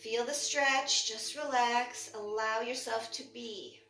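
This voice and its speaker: Calm woman cueing breath, roomy and distant. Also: fairly high pitch, takes it slowly, a little hiss or hum. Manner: calm cueing, breath-paced, short spoken commands. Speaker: yoga and breathwork instructor. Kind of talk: guided movement class instruction. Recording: echoey room from far off.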